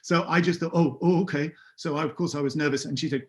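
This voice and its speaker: A man in his fifties with a somewhat higher-pitched voice. He is a podcast guest, telling an animated, self-deprecating story with dry humour. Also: fast. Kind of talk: anecdotal storytelling.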